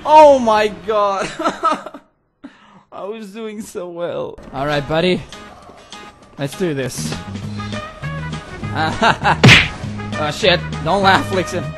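A man commenting as he plays a video game, excitable, yelling, swearing and laughing at it, with game music behind him. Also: high-pitched, drawn-out words, long pauses. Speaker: gaming video host. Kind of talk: live let's-play commentary.

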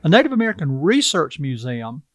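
A man's voice: fairly high pitch, big pitch swings, a little fast, a bit bright, no room sound. An older man from South Carolina with a Carolina Southern accent, talking in a folksy, earnest way as an interview guest. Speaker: tribal chief, interview guest. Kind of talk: casual interview talk.

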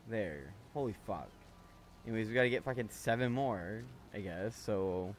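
A man's voice: lowish voice, expressive, moderate pace, slight background noise. A man playing a video game and talking to himself with frustrated, swear-heavy commentary. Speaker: gaming channel host. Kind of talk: let's play commentary.

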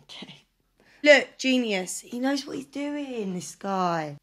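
A woman's voice: a little high, expressive, takes it slowly. A woman co-hosting a movie reaction with her boyfriend, teasing and blunt in casual chat. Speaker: co-host girlfriend.

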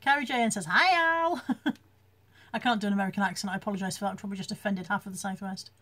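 A woman's voice: mid-range voice, fairly even intonation, very fast. A British woman hosting a casual live chat from home, reading out viewer comments and laughing often as she talks into her phone. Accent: British English.

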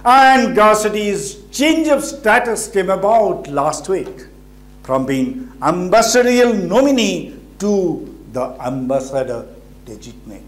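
A man from India delivering scripted political commentary, emphatic and posing rhetorical questions. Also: sits high.

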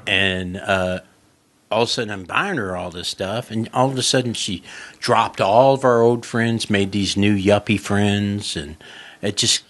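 A male comedian telling stories in a casual podcast chat. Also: measured pace. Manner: loud laughing, does high mocking voices in quotes. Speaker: comedian guest.

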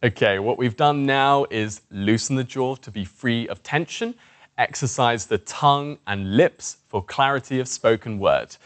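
A man teaching presentation skills in a clear, methodical, encouraging way. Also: medium pitch, a little slow, no room sound. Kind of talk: instructional tutorial.

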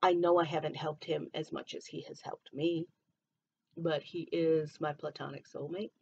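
A woman's voice: sits low, steady tone, normal speed, vocal fry, a little mellow, breathy edge, lo-fi sound. A woman from Michigan with a mixed Southern and Midwestern accent, hosting a casual solo podcast and chatting freely, often drifting onto tangents. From Michigan, USA. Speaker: podcast host.

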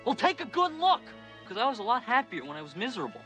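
A young actor playing a resentful, exasperated college-age son in a film comedy. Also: male voice, extremely high pitch, huge pitch swings, fast, a bit bright, soft background music, heavily acted. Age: young adult.

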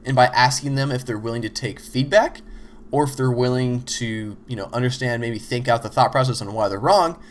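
Male host, mid-pitched, casual chatty teacher who acts out little example exchanges. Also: slight background noise. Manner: loose, conversational, frequent "you know" and "like". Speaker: host explaining teamwork. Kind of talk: casual instructional talk.

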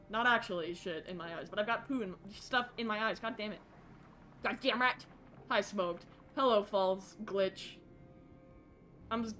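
A woman's voice: a little high, normal speed, a bit bright. Jittery, self-mocking young woman streamer. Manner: jittery, self-deprecating, chats with viewers. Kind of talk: casual live gameplay commentary.

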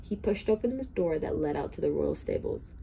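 A woman volunteer reading a children's storybook aloud in an expressive, steady way. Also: low-pitched, fairly quick, gravelly, slight background noise. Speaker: hospital volunteer reader.

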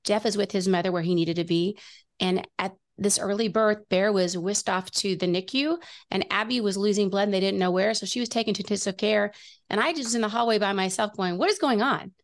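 A middle-aged woman with a gravelly edge in her mid-pitched voice recounts a personal story on a faith talk show. She speaks earnestly and often restarts her sentences as she goes. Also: steady tone, a little fast. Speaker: guest.

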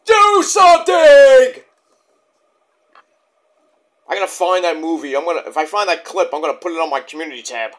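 A man rambling excitably through a casual wrestling review, swearing often. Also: fairly high pitch, rapid-fire, few pauses.

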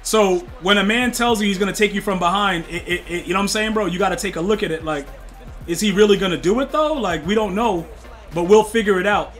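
A young man streaming a football video game, talking slangy trash to his chat and yelling at plays. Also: high voice, fast talker, faint music behind. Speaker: gaming streamer. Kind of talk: live game stream commentary.

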